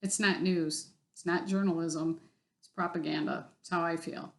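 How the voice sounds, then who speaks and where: A woman's voice: lowish voice, steady tone, moderate pace, vocal fry. A woman telling a story in a casual vlog, blunt and exasperated, swearing freely. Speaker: vlogger.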